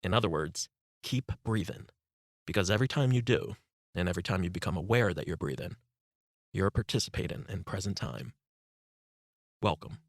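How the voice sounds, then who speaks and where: Calm man narrating a meditation guide. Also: deep voice, dry recording, clean studio sound. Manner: calm, instructive, unhurried. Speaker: author narrating his book.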